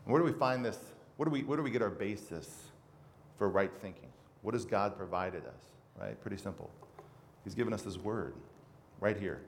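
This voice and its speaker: A man's voice: fairly low pitch, lively intonation, moderate pace. A man preaching a sermon as pastor, earnestly reading scripture aloud with emphasis. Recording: reverberant hall with faint noise.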